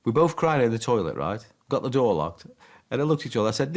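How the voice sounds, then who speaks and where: A man's voice: mid-range voice, sing-song, quick pace. A man recalling his darts career in a casual interview, acting out remembered conversations. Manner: storytelling, acts out quoted dialogue.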